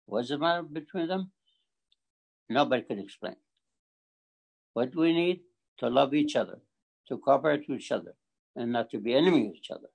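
Halting older man with a gravelly voice. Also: mid-range voice, a little mellow, poor audio. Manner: halting, repeats words, emphatic. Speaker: community forum speaker. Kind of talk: speech at a community forum.

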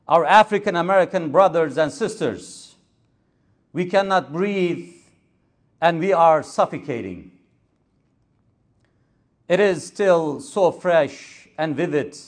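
A man delivering a Friday sermon as an imam, measured and emphatic, building on repeated phrases. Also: fairly high pitch. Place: mosque.

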